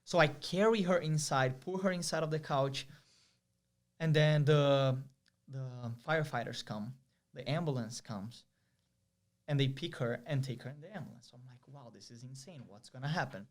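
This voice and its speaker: A young man from Brazil, telling a story as an interview guest in a lively, vivid way with many fillers. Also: a little high, moderate pace. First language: Portuguese. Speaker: guest, pro soccer player.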